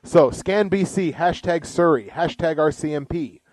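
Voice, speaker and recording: A man co-hosting a podcast, chatting casually and reading out police scanner posts slowly, laughing often. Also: on the high side, a little mellow, dry recording. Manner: laughs often, reads items slowly and deliberately. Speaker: podcast co-host.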